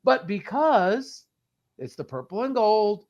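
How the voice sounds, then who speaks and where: A man co-hosting a sports podcast, talking fast and heatedly as a fan in casual chat. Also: high voice, highs cut off. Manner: animated, ranting fan, quick bursts. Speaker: podcast co-host.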